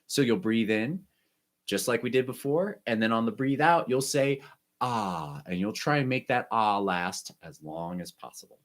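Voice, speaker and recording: A man teaching an online music lesson, guiding students through breathing and warm-up exercises with short, encouraging instructions. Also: medium pitch, animated, moderate pace.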